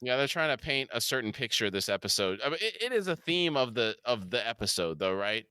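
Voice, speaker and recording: A man's voice: mid-range voice, sing-song, brisk, pushed and bright, clear, resonant tone, no echo, clean studio sound. A man co-hosting a podcast, casually recapping a TV episode scene by scene and laughing easily. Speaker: podcast co-host.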